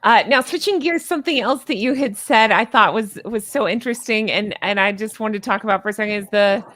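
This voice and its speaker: A woman hosting a casual interview, agreeable and quick to affirm her guest. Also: medium pitch, fairly bright tone, no room sound, clean studio sound. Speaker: host.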